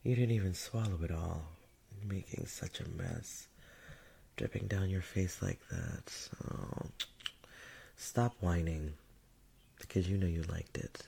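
A man voicing a dominant, mocking non-human male creature in a whispered role-play, talking in a breathy, taunting manner with frequent chuckles. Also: sits low, slow pace, pauses often, warm tone, heavily acted.

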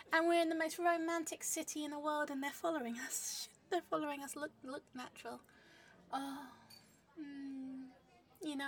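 A woman doing a comedic spy role-play monologue, flustered, swinging between loud romantic gushing and hushed whispers. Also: sits high, recorded from a distance. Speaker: narrator playing a spy to the listener.

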